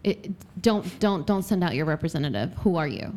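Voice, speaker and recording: Woman podcast guest, giggly and bubbly, swooping animated pitch. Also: a little fast. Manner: giggly, bubbly, lots of laughter. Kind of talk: casual podcast chat.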